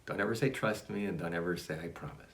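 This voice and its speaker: A man's voice: low-pitched, fast talker, fairly bright tone. A man reading aloud from his own spiritual writings and musing on each line in a rambling, self-interrupting way. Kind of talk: casual spoken reading and reflection.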